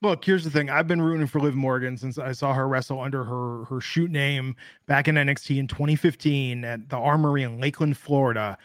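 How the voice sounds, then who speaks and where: A man's voice: medium pitch, steady tone, a little fast, fairly bright tone, dry recording, clean studio sound. A man co-hosting a casual wrestling talk show, chatty and opinionated, rambling with lots of filler words. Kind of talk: casual podcast chat.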